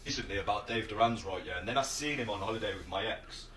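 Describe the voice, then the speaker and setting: A man's voice: lowish voice, quick pace, fairly bright tone. A man ranting in a phone video, aggrieved and accusing someone. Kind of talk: phone video call-out rant. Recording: distant phone video with faint noise.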